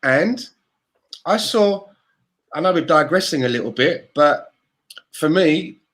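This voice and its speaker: Brit co-host, slightly high voice, heated and sweary, casual podcast rant. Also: male voice, expressive, takes it slowly, a bit bright.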